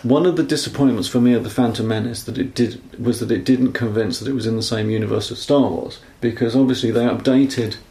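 A man talks through a film in a casual podcast chat, his voice gravelly with a mellow, dark tone. He rambles, corrects himself as he goes and apologises for getting nerdy. The room around him sounds echoey. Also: medium pitch, fairly even intonation, quick pace, few pauses. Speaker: podcast co-host.

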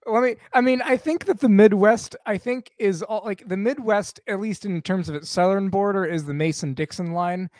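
A man co-hosting a casual podcast, talking in a fairly high voice. He rambles and drifts into tangents. The sound is dry and close. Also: moderate pace, hardly any pauses, darkish tone, dry recording. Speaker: podcast co-host.

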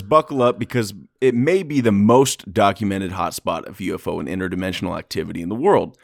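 A man hosting a podcast, reading a brisk, dramatic topic intro between casual chat. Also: on the low side, no room sound, studio quality. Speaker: podcast host.

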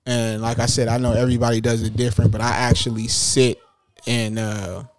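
A man's voice: mid-range voice, level tone, a little fast, dry recording. A man talking casually as a parent, rambling and restarting his sentences often. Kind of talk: casual chat.

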